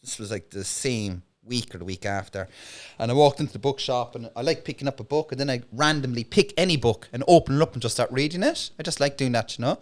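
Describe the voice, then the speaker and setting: Brief: Cork Irish comedian, rapid-fire rambling yarn-spinner, mid-range voice. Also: male voice, medium pitch. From Ireland. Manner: rambling, animated, keeps asking "right?". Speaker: podcast guest, comedian. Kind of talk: casual anecdotal storytelling.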